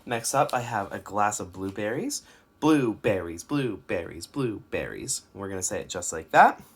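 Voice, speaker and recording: A man's voice: on the low side, sing-song, a little fast, husky. A young man giving a home music lesson in his kitchen, explaining step by step and chanting words in rhythm. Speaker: music teacher.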